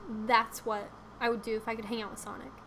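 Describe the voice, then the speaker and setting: A woman's voice: a little high, little pitch movement, brisk, sharp tone, slight background noise. A young woman chatting casually on a live stream, rambling with lots of fillers and giggles.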